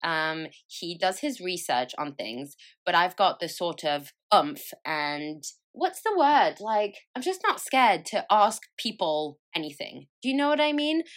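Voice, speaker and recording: A woman's voice: on the low side, unhurried. Chatty woman telling stories. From France. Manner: chatty, animated storytelling with frequent laughs and swearing. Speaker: podcast host. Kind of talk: casual chat.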